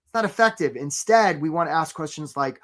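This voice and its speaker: A man's voice: a little high, animated, fairly quick, fairly bright tone. A man hosting a live career webinar, talking in an upbeat, conversational way, greeting attendees by name and often asking "right?". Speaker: webinar host and career coach.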